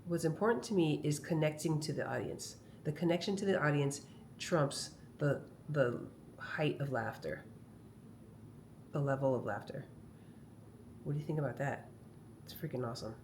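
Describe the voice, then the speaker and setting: A low-voiced woman speaking at normal speed tells animated, rambling stories in a chatty vlog shot on her phone camera at home. She's a comedian, and a slight hiss or hum can be heard.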